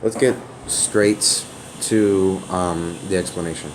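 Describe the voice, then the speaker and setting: Man, lowish sonorous voice, casual off-camera explainer, halting and full of restarts. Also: fairly even intonation, slight background noise, low-quality recording. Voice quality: open, sonorous voice. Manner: rambling and hesitant, with many fillers and restarts. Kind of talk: casual spoken explanation to a viewer. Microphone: off-camera voice recording.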